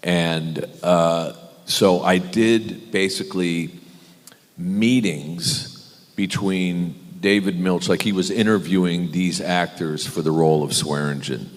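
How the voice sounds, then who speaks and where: A man, a guest actor on a convention panel, telling an animated, self-deprecating anecdote with many restarts. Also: a bass voice. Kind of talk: anecdotal storytelling. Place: large convention hall panel. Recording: echoey convention hall.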